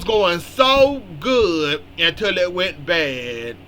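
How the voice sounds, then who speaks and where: A man's voice: sits high, expressive, slow, few pauses, bright, forceful tone, slight background noise. A man in casual spoken commentary, recapping a soap opera and scolding its characters bluntly.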